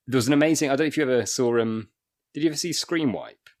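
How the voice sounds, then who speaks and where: A comedian guesting on a podcast chats casually in a mid-range voice at a quick pace. He rambles, restarting often and slipping into little acted-out dialogues.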